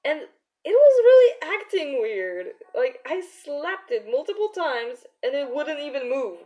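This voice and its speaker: Young woman, art streamer, giggly chatty talk, higher voice, slow unhurried pace, soft music behind. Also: very animated, dull audio. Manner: giggly, chatty, many fillers. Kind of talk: casual live-stream chat.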